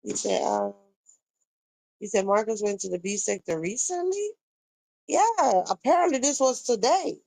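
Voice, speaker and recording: A woman's voice: fairly high pitch, expressive, normal speed, creaky, long pauses, darkish tone, no room sound, poor audio. A young woman, chatting casually on a live stream, reacting to viewer comments and retelling gossip. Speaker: livestream host.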